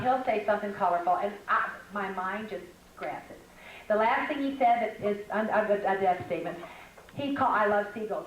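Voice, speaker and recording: Recorded from a distance in an echoey hall with background noise, an older woman with a high-sitting voice addresses a women's conference. Her teaching talk is chatty and humorous, packed with stories.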